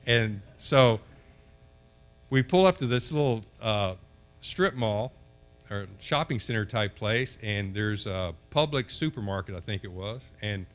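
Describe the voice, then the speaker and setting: A man's voice: on the low side, animated, unhurried. An older man from Kentucky gives a storytelling speech at a banquet, acting out the voices in his anecdote. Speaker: banquet speaker.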